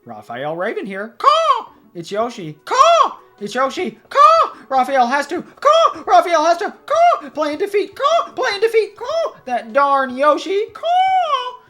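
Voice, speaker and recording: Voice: very high voice, huge pitch swings, unhurried, sharp tone, voice pushed up, heavily acted. A game streamer voicing a male raven villain from a puzzle game who screeches caw between short lines. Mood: shrill, manic. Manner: screeches every other word.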